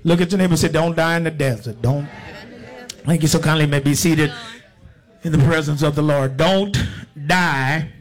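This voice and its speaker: A male pastor preaching, reading scripture slowly and emphatically, then breaking into casual asides and call-and-response with the congregation. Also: fairly high pitch, fairly even intonation.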